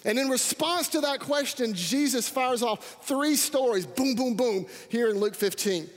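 A man preaching a sermon as pastor, energetic and calling out to his congregation. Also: extremely high pitch, a little slow. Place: church sanctuary. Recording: reverberant hall.

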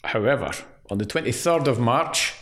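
A man's voice: medium pitch, expressive, moderate pace, a bit bright. A man co-hosting a casual chat about an employment law case, reading out case details in a dry, wry way. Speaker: podcast co-host.

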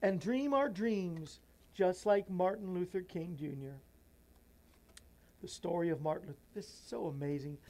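Man, talk show host, reading a children's book aloud, earnest, folksy asides, emotional, softening voice. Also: a little high. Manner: emotional, voice drops soft and near tears.

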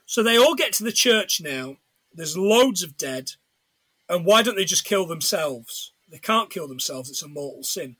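Bright, husky-voiced man recapping a film. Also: high-pitched, lively intonation, moderate pace, no room sound. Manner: chatty retelling of a plot, laughs often. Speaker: podcast co-host. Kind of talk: casual film recap chat.

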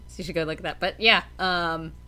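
A woman's voice: on the low side, bright, forceful tone. A woman from Canada co-hosting a podcast in casual chat, giggling often and restarting her sentences. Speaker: podcast co-host.

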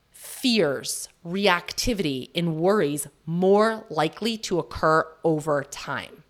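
Chatty woman in her thirties, low voice. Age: 30s. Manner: chatty and candid, laughs often, asks rhetorical questions. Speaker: podcast host. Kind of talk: casual solo podcast talk.

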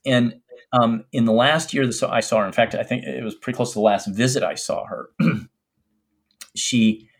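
A middle-aged man, a doctor, telling a personal story in an interview in an earnest, reflective, halting way. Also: mid-range voice, fairly even intonation. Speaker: infectious disease doctor.

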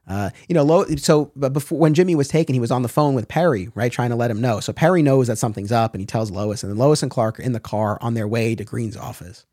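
A man chatting on a podcast, retelling scenes with animated enthusiasm. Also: medium pitch, no echo, clean studio sound. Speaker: podcast co-host. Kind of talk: casual chat.

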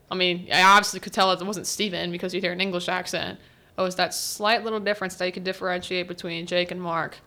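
A woman's voice: on the low side, sharp tone. A young woman hosting a student podcast, chatting casually through a show recap and laughing often as she quotes characters. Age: teens. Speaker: podcast host. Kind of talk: casual solo recap chat.

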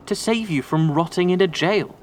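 A woman's voice: lowish voice, moderate pace, a little hiss or hum, close to an everyday voice. A woman voicing a cold, scheming naval captain who speaks curtly and with scorn. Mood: brutal.

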